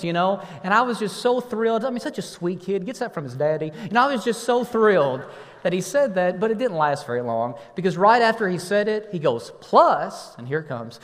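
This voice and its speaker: A pastor in his thirties tells family stories to his congregation and coaxes them into answering back. His voice sits a bit on the high side for a man. Long reverb from the church hall trails each phrase. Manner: warm storytelling, playful with the congregation. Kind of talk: sermon. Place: church sanctuary.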